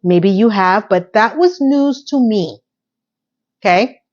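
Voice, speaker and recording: A woman's voice: mid-range voice, animated, takes it slowly, darkish tone, muffled recording. A woman casually recapping a TV episode, chatty and full of opinionated asides.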